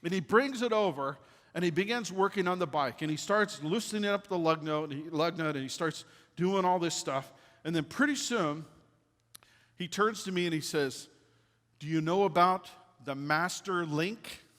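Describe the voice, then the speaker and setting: A man preaching a sermon as a pastor, telling a personal story in an animated way and hushing his voice for quoted lines. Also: fairly high pitch, moderate pace, big-room sound. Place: church sanctuary.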